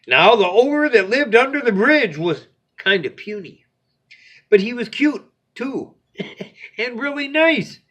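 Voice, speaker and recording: Animated man reading a bedtime story. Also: extremely high pitch, takes it slowly. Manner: animated, playful.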